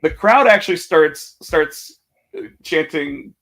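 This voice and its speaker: Animated, higher-voiced male podcast host. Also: unhurried. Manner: animated storytelling, acts out quotes, many restarts. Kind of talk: casual wrestling chat.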